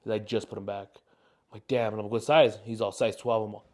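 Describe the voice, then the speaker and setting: A man's voice: on the low side, fairly even intonation, quick pace, a little mellow. A young man in his twenties, co-hosting a podcast and telling a long rambling story with lots of fillers. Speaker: podcast co-host. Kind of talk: casual chat, storytelling.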